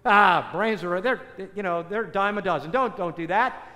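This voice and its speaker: A man's voice: sits high, normal speed, bright, forceful tone. A man voicing a blustering male wizard who waves off requests in a dismissive, offhand way. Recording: echoey hall, long reverb.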